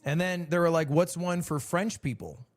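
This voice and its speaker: High-voiced man streaming. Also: moderate pace. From United States. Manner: rambling, self-mocking, laughs often. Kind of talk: casual stream chat.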